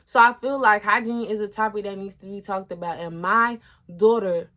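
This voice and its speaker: A young woman in her twenties tells a story casually and chattily to the camera. She talks straight to her viewers in a mid-range voice. She drops her voice low and soft for asides. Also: moderate pace. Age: 20s. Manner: chatty, animated, addresses viewers directly as y'all. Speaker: vlogger.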